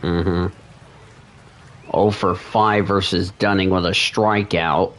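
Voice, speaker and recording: A man streaming a baseball video game, casually calling the action in a relaxed, conversational way. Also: deep voice, slow. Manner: relaxed, conversational, eating while talking.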